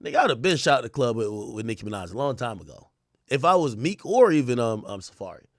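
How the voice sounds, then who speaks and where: A man hosting a late-night stream, reading posts aloud and reacting with profane, animated commentary. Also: mid-range voice, fast, no echo, clean studio sound. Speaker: livestream host.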